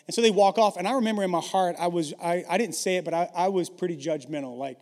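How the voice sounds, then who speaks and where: Self-mocking pastor in a reverberant hall. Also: male voice, sits high, fast, few pauses, darkish tone. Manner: self-deprecating, conversational, many restarts. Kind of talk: storytelling sermon.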